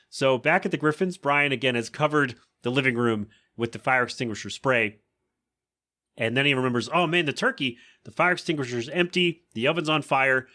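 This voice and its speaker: A man's voice: medium pitch, pushed and bright. A man hosting a podcast, chatting casually through an episode recap and breaking into funny voices for quoted lines. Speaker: podcast host.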